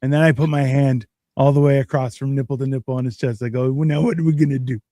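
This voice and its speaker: A man's voice: mid-range voice, fairly even intonation, quick pace, dark tone, no echo, studio quality. A man hosting a casual podcast chat, reflective and wry, often restarting his sentences. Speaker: podcast host.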